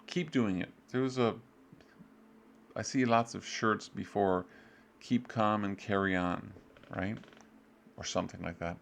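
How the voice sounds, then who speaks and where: A male English teacher takes his students through a review in an unhurried, easygoing way. His voice sits low and has a gravelly rasp. He shrugs off details with a "blah, blah". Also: fairly even intonation. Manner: loose and offhand, fills gaps with "blah, blah"; acts out short student replies with jumps in pitch. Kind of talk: casual review lesson.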